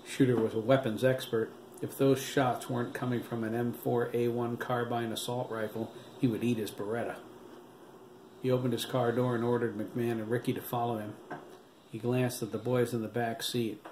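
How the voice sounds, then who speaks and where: A man reading his own novel aloud as an audiobook, in a steady, dramatic storytelling manner. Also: medium pitch, normal speed. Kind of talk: audiobook narration. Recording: roomy echo, faint background hiss.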